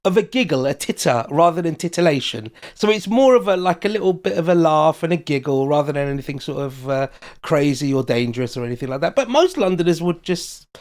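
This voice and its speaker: A man's voice: on the high side, lively intonation, a little mellow. British man, correspondent, jokey casual chat, calling in remotely. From United Kingdom. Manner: chatty and jokey, drawn-out laughs. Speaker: foreign correspondent.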